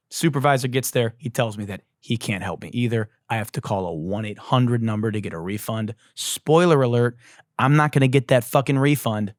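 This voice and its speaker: A man hosting a podcast, telling a comic story as a profane, exasperated rant that bursts into shouting. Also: on the low side, brisk, no room sound, studio quality. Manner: profane, exasperated, animated ranting with shouted outbursts. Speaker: podcast host.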